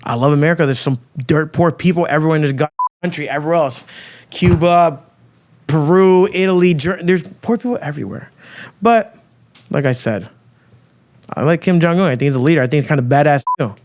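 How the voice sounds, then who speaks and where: A man hosting a podcast, delivering a loud, crude, provocative rant full of swearing. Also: a little high, brisk. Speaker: podcast host. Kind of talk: ranting monologue.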